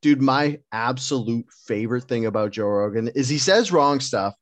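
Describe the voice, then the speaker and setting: A man's voice: mid-range voice, moderate pace, dry recording. Profane joking man, casual chat. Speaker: podcast co-host.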